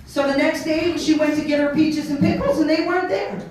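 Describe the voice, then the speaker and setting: Lady pastor preaching, high voice, playful, acts stuff out, big echoey church sound from far off. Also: steady tone, fairly quick, a little mellow. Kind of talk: sermon. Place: church hall. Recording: echoey hall, mic far off.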